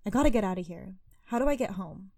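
A woman voicing a brash young female student who swears and panics, in a mellow, dry read. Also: mid-range voice, lively intonation, quick pace, creaky, no echo. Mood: defiant. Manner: exasperated, swearing.

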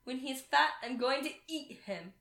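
A woman's voice: mid-range voice, animated, moderate pace, lightly acted. A woman voicing a wicked, greedy old witch in a read-aloud fairy tale, in a roomy-sounding recording. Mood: scolding.

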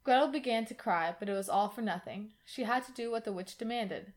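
A woman reading a fairy tale aloud in a calm, even manner. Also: fairly high pitch, fairly quick. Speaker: reader.

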